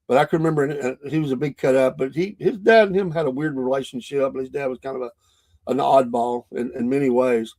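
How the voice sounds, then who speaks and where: A man's voice: mid-range voice, quick pace, a little mellow. A middle-aged man with a Southern US accent, hosting a podcast as a casual, rambling monologue full of restarts and fillers. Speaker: podcast host.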